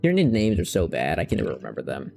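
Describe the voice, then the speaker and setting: A man's voice: deep voice, wildly swooping pitch, racing, vocal fry, a little mellow, faint music behind. A young man streaming a game, chatting casually and rambling, searching for words and using loose slang. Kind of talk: casual chat while playing a game.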